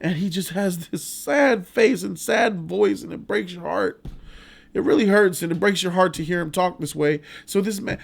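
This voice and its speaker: A man talks through a film in a casual vlog, rambling with restarts and swearing freely. He sounds enthusiastic, and his voice sits a bit high for a man. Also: normal speed, creaky. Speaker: vlog host, movie reviewer. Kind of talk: casual movie review vlog.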